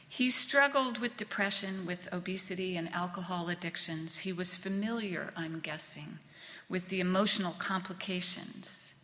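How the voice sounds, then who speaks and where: A woman minister giving a reflective sermon, speaking gently and letting words trail off softly. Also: fairly low pitch. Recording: long reverb of a large hall.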